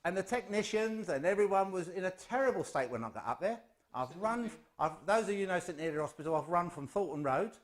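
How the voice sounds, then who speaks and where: At a spiritualist service, an Englishman speaks to the congregation in a high-pitched, expressive voice, a little fast. His address is informal, chatty and funny, with plenty of self-deprecation.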